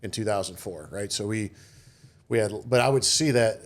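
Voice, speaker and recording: A middle-aged retired Marine officer, appearing as a guest in a casual interview, speaks in a lowish voice at a moderate pace. He tells rambling anecdotes and quotes other people, putting on their voices.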